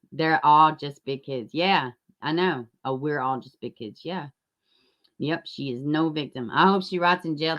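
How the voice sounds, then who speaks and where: A woman's voice: deep voice, a bit bright. A woman hosting a true crime livestream, chatting casually and reading viewer comments, blunt and profane, flaring into heated rants.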